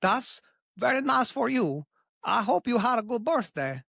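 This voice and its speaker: Woman doing a grumpy deadpan male chef. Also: unhurried, creaky, no room sound, clean studio sound, exaggerated voice. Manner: deadpan, broken grammar, wild pitch swings. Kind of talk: improvised comedy bit.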